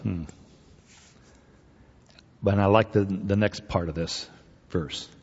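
This pastor has a deep, husky voice with fairly even intonation, and he takes his time. He preaches emphatically yet conversationally, posing plenty of rhetorical questions to the congregation, in dull audio drenched in long hall reverb.

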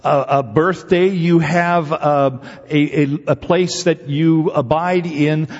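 Dull audio with long hall reverb captures a man preaching as pastor in a fairly high pitch. He speaks slowly with hardly any pauses, emphatic and conversational, asking the congregation many rhetorical questions.

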